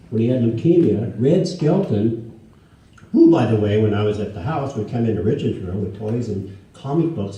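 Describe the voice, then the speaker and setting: A man in his sixties from the United States tells anecdotes to a live audience as a guest speaker, acting out the dialogue in animated voices. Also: medium pitch. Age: 60s. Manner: animated, acts out quoted dialogue in raised voices. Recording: echoey hall, distant mic, faint ambience.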